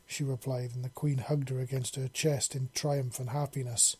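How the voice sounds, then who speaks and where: A man narrating a story in a steady reading voice. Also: mid-range voice, normal speed, hardly any pauses, slightly rough.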